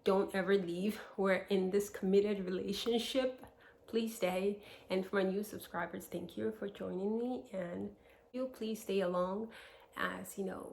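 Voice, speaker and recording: A woman's voice: medium pitch, steady tone, normal speed, gravelly, darkish tone, a little hiss or hum. A young American woman vlogging, chatting to her viewers in a rambling way with lots of fillers and restarts. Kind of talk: casual chat to camera. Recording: echoey room.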